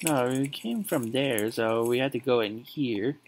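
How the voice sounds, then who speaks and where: A man's voice: medium pitch, unhurried, slight background noise. A man playing a game on video, reacting casually and reading the game's story text aloud. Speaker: gamer reading a map's story. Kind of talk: let's-play commentary and reading aloud.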